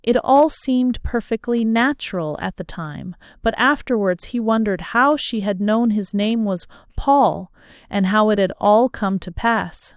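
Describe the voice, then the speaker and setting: Slow, smooth-voiced woman narrator. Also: mid-range voice, dry recording, studio quality. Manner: measured, unhurried storytelling. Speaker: audiobook narrator. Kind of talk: audiobook reading of a novel.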